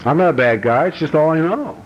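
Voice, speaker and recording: A middle-aged American man speaking at a recovery banquet, his voice sitting a bit high for a man. He tells rough, blunt stories and acts out other voices, dropping low and quiet, then bursting out loud. The archival recording is dull and muffled, with a faint hiss underneath. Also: animated, fast talker. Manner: storytelling, acts out voices, swings from quiet asides to loud shouted outbursts; blunt, rough-edged language. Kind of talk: recovery meeting talk. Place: banquet hall.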